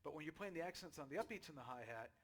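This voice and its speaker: A man giving a casual drum lesson, chatty and relaxed, checking in with "okay?" and "right?" as he explains. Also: a little high, very fast. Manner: counts beats aloud loudly while drumming. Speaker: drum teacher. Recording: drum kit playing behind the voice.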